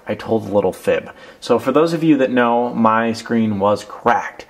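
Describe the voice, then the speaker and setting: A man's voice: fairly low pitch, normal speed. A young man talking casually through a product review, telling a rambling self-deprecating story while handling a phone case. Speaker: tech reviewer.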